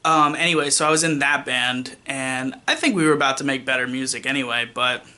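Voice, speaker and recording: A man's voice: medium pitch, fairly quick, sharp tone. A young man telling a personal story on his vlog in a casual, rambling way, full of fillers and restarts, with wry self-mocking asides. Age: young adult. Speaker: vlogger.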